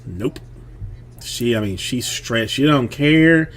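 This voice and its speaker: Talking slowly with a mid-range voice and lively intonation, a thirty-something streamer who has a young daughter discusses being a dad in a casual, meandering livestream chat, full of fillers and false starts.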